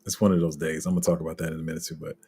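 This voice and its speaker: A man's voice: very deep voice, rapid-fire, creaky, mellow, a little hiss or hum. A man giving casual livestream commentary on crypto, rambling and chatting with his viewers. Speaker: crypto streamer.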